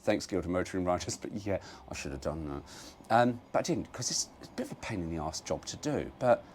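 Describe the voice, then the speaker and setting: A man's voice: deep voice, big pitch swings, a little fast, a little mellow, slight background noise. A man rambling through a casual car-repair vlog, self-mocking and swearing freely. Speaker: car restoration vlogger.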